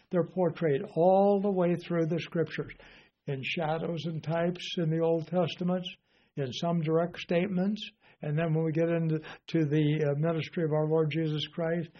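An older man teaching the Bible in an informal sermon, rambling and folksy with lots of fillers. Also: fairly high pitch. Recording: dull lo-fi recording.

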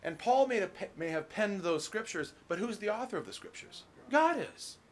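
A middle-aged man preaching a relaxed, conversational sermon as pastor, folksy, full of restarts and "you know.". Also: high-pitched, moderate pace, slight background noise.

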